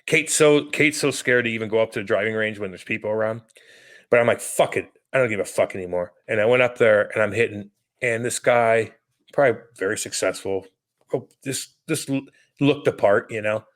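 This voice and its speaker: A man in his thirties co-hosting a podcast, telling stories in a profane, animated, casual way. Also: on the low side, fairly quick. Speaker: podcast co-host. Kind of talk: casual chat.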